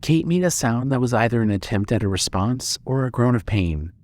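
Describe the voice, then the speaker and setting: A man narrating a fan audio drama with steady storytelling. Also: mid-range voice, fairly quick.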